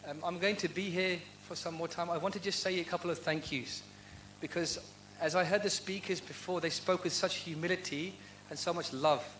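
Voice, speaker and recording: Earnest guy doing a devotional q&a talk, kinda high voice, faint hum behind. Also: steady tone, a little fast, fairly bright tone, low-quality recording. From United Kingdom. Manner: earnest, heartfelt, asks rhetorical questions. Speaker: guest speaker answering audience questions. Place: university lecture event.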